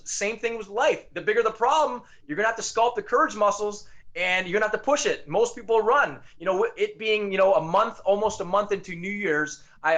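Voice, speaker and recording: A man giving an energetic motivational talk straight to his listeners, often repeating words and restarting sentences. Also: sits high. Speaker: motivational speaker.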